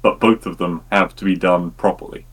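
Male co-host, low pitch, blunt and opinionated, swears casually. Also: steady tone, moderate pace, a bit bright, slightly rough, poor audio. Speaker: podcast co-host. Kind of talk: casual movie review chat.

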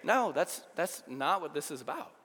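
A man's voice: on the high side, moderate pace, fairly bright tone. A young adult man, a youth pastor, preaching a casual, conversational sermon in a church hall. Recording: long hall reverb.

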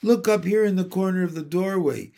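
A man voicing a kindly, refined female spider in a storybook reading, gentle and composed. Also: sits high, fairly quick, creaky.

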